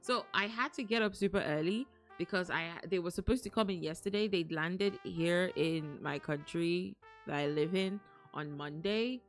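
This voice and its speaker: A young woman streaming from home, chatting casually with her viewers, excitable and rambling, often breaking into gasps and laughs. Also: on the low side, moderate pace, hardly any pauses, soft background music. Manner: rambling, restarts sentences. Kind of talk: casual live-stream chat.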